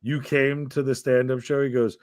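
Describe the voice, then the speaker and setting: A man's voice: medium pitch, normal speed, dry recording, clean studio sound. A man hosting a casual podcast, telling a story with lots of swearing and acting out the other people's lines. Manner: profane, animated storyteller acting out quotes. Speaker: podcast host.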